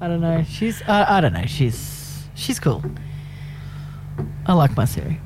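A woman's voice: deep voice, sing-song, unhurried, background noise. A middle-aged woman, co-hosting a radio show in casual, teasing banter, laughing often and cutting in. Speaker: radio co-host.

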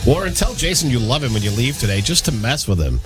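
A man's voice: medium pitch, sing-song, quick pace, over music. A man co-hosting a radio show, teasing his partner in a playful way during casual banter. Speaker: co-host.

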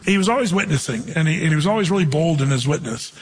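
A man's voice: on the high side, lively intonation, racing, breathy edge, big-room sound. A man preaching a sermon, teaching from the Bible in a conversational way with stories from his own life. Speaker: pastor.

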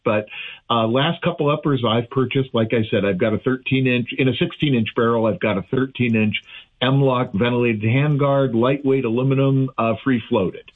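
A man's voice: mid-range voice, fairly even intonation, normal speed. A man, an audiologist calling into a radio show, chatting in a friendly, rambling way with lots of fillers and restarts. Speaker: audiologist guest on call-in. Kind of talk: casual radio chat. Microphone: remote call. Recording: tinny phone-like remote line.

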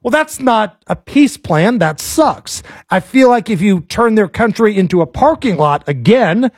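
A man with an American accent hosting a casual political talk show, blunt and animated, pressing his guest with pointed questions. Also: high voice, measured pace, breathy edge, no room sound, clean studio sound.

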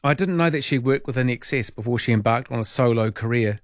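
A middle-aged man with a New Zealand accent talks casually to his radio listeners at an ordinary middle pitch. He sounds playfully indignant, and his voice leaps high when he asks questions. The studio sound is dry and close. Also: quick pace, dry recording. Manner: playful, indignant tongue-in-cheek asides with sudden high pitch jumps. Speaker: radio host. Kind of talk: casual talk radio chat.

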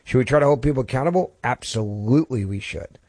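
A man's voice: medium pitch, expressive, fast talker, a little mellow, no room sound. A man hosting a talk radio show, speaking emphatically with frequent restarts and repetitions. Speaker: fill-in radio talk host. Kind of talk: talk radio monologue and caller chat. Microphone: studio mic.

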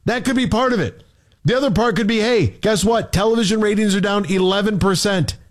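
A man's voice: high voice, fairly quick. A man hosting a morning sports radio show, ranting in exasperation with a stream of rhetorical questions. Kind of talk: heated sports talk rant.

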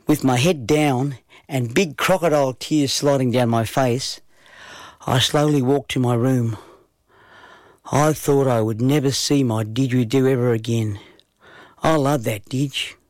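A man telling a children's story in an unhurried storytelling manner. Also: mid-range voice, darkish tone, no echo.

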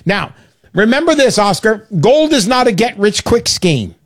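An older man hosting a call-in radio show, talking in a chatty, animated and emotional way. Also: sits high, measured pace, dry recording, clean studio sound.

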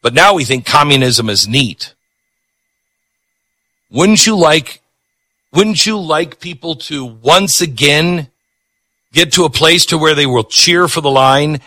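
Sarcastic ranting radio host guy, bright lively voice, dry studio sound. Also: on the high side, takes it slowly, pauses often, no echo. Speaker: radio talk show host. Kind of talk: opinionated radio monologue.

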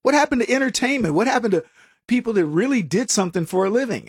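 A man's voice: very high-pitched, fast, slightly rough, dry recording, clean studio sound. A man hosting a political talk show, delivering a casual, sarcastic commentary monologue full of restarts and chuckles at his own jokes. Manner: animated and sarcastic, with frequent restarts.

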